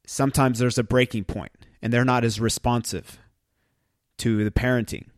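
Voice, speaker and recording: A man's voice: mid-range voice, steady tone, normal speed, dry recording, studio quality. A middle-aged man hosting a parenting podcast, speaking earnestly in a reflective monologue and reading out a list of phrases.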